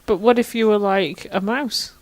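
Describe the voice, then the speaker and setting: A woman's voice: medium pitch, fairly even intonation, normal speed, a little mellow. A young woman, co-hosting a casual podcast chat, giggly, sceptical and teasing. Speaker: podcast co-host.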